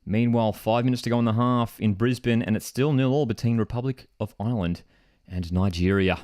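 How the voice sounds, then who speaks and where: A man hosting a live football watchalong, reacting with disbelief and excitement and reading out viewer comments. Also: mid-range voice, a little fast, no room sound, studio quality. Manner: excitable, disbelieving, rises sharply when outraged or celebrating.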